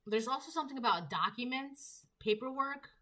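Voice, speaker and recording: A woman doing a tarot reading, bright and forceful, pushing the same point again and again. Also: high-pitched, lively intonation, normal speed, rough recording. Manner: emphatic, repetitive rhetorical questions. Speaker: tarot reader. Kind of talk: collective tarot reading monologue.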